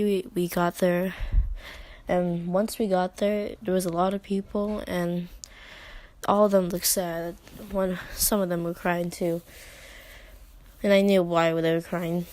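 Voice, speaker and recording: A teenage girl telling a personal story in a vlog, halting and hesitant, with many fillers and restarts and soft whispered asides. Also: fairly low pitch, steady tone, dry recording. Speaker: vlogger.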